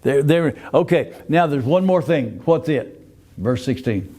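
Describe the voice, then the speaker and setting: A man's voice: mid-range voice, expressive, measured pace, dark tone, a little hiss or hum. An older man leads a Sunday school Bible class. He talks in a folksy, easygoing way, keeps asking the class questions, and often restarts his sentences.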